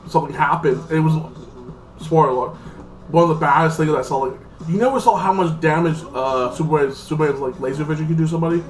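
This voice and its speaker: A man's voice: on the high side, fast. A man giving a casual, rambling movie review, filling his talk with "like" and acting out the characters. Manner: rambling, full of "like", acts out characters. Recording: voice a bit far from the mic, faint music behind.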